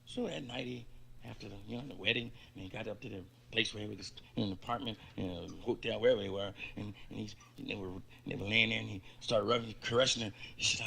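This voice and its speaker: Gravelly stand-up comedian man. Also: on the low side, steady tone, fast, sharp tone. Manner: loose joke-telling with stammers and asides. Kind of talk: stand-up comedy routine on a live album.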